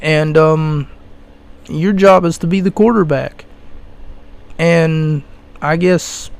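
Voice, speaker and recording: Slow-talking, mocking male podcast host. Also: a little high, a little mellow, smooth. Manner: slow, mocking, ranting with passion. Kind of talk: solo podcast rant.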